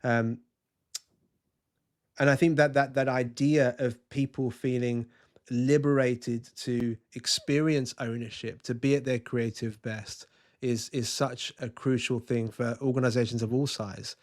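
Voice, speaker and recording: A man talking as a guest on a podcast. He tells his stories eagerly in a mid-pitched voice, stumbling and restarting now and then as the ideas come to him. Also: steady tone, unhurried. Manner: enthusiastic storytelling with frequent restarts. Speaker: guest culture consultant. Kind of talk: podcast interview.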